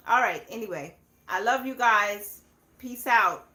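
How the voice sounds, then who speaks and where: A woman's voice: medium pitch, expressive, unhurried, pushed and bright. Chatty woman in an echoey room. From southern United States. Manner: laid-back, chatty, laughs often. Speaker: livestream host. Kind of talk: casual live chat. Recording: echoey room, faint background noise.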